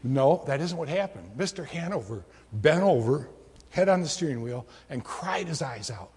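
A man's voice: a little high, animated, normal speed, a little mellow, husky, long reverb tail. A man preaching a sermon as pastor, telling a story and leading prayer with an earnest manner.

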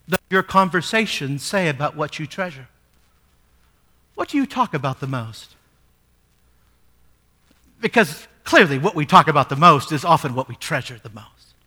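Male preacher, high bright voice; reads scripture, asks questions, builds to emphatic peaks. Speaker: pastor. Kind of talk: sermon.

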